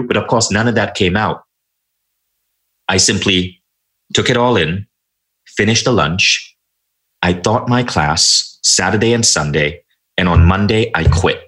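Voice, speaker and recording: Lowish-voiced man telling an emphatic story. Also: unhurried, pauses often. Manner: animated, emphatic anecdote telling. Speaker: interview guest, entrepreneur. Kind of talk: motivational storytelling.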